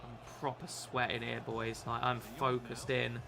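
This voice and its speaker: A young British man streaming a football game, swearing, self-mocking and excitable. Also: medium pitch, measured pace, gravelly, background noise. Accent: British English. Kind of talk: gaming live stream commentary.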